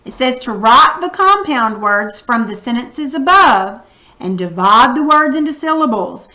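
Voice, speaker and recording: Woman teacher going slow thru a reading lesson, kinda high voice, chatty and patient. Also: lively intonation, bright, forceful tone. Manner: patient, coaching, casual classroom talk; narrates while writing on screen.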